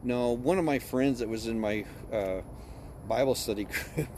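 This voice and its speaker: A man's voice: mid-range voice, moderate pace, mellow, a little hiss or hum. A man on a ghost tour chatting casually, agreeing often and telling a personal story. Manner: eager listener with frequent agreeing interjections, laughs while telling his story. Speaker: tour guest. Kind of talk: casual chat. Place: outdoors on a city street.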